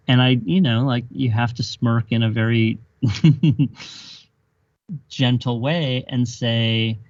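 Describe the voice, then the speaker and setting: A man's voice: mid-range voice, fairly even intonation, slow pace, pauses often, darkish tone, dry recording. Man firing rhetorical questions, dry dull sound. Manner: emphatic, builds points with rhetorical questions. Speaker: podcast guest. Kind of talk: explanatory conversation.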